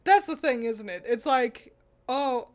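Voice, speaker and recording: A woman's voice: sits high, expressive, measured pace. A woman streamer chatting casually, ranting bluntly with profanity and frequent laughter. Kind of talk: casual livestream chat.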